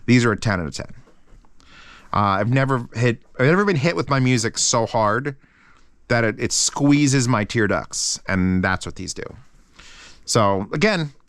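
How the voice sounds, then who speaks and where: A man hosting a casual review channel, talking in an excitable, rambling way with lots of swearing. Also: medium pitch, a little slow, long pauses, clean tone, no room sound.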